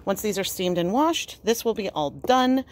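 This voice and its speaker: A woman's voice: medium pitch, expressive, normal speed. Woman, home vlogger, candid chatty delivery. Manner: chatty, candid, frequently laughing. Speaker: yarn dyer and vlogger. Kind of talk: casual vlog. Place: home studio and garage.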